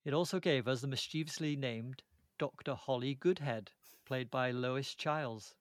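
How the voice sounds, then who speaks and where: A man's voice: medium pitch, moderate pace, no room sound. A man hosting a movie podcast, moving between banter and a scripted film rundown. His voice sits mid-range and is recorded close and dry, with no room sound. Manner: playful, reads a prepared segment. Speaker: podcast host.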